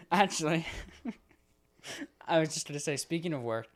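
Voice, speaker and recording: A young man co-hosts a podcast in loose, casual chat. He rants with lots of swearing and slips into exasperated voices as he acts out frustrating phone calls, his pitch leaping up and down. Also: animated, slow. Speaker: podcast co-host.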